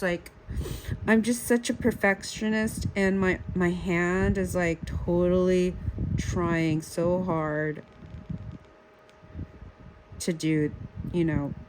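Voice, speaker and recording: A woman vlogging while she draws, talking in a casual, self-deprecating way, full of halting restarts and fillers. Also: lowish voice. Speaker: art vlogger. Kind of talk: casual rambling commentary while drawing. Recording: audible background noise.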